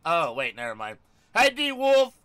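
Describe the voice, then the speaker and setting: A young man streaming a game live, excitable and loud, yelling and swearing at his chat. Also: a little high, a little slow, clear, resonant tone.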